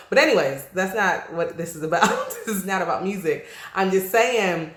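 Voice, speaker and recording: A woman with an East Coast accent, chatting casually to camera with lively, slangy asides and frequent laughter. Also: on the low side, moderate pace. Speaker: vlogger. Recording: roomy echo.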